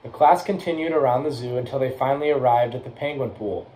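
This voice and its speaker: A man's voice: medium pitch, fast talker, poor audio. Young man reading a picture book aloud. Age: young adult. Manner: lively, puts on brief character voices. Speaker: college athlete reading aloud.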